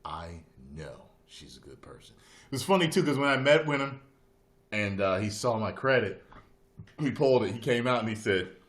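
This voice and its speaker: A man's voice: medium pitch, brisk, fairly bright tone. A man hosting a casual live-stream chat, telling rambling personal anecdotes. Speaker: host.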